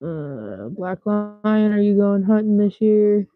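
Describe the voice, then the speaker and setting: A woman's voice: medium pitch, very animated, slow, no echo, faint music behind. A woman chatting casually with her livestream viewers, talking bluntly and swearing a lot. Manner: blunt and heavily profane. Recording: tinny phone-like dry sound.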